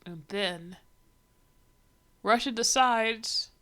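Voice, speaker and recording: A woman talks through a livestream, reacting casually. Her voice sits fairly high, and she rants with open exasperation as she goes. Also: extremely slow, bright, forceful tone. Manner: exasperated, ranting.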